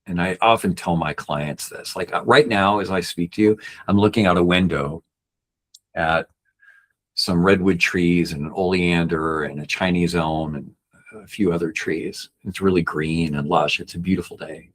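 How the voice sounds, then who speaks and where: A man's voice: deep voice, fairly even intonation, moderate pace. A man working as a backpacking guide and coach, telling a personal story on a podcast in a rambling way, with many restarts and fillers.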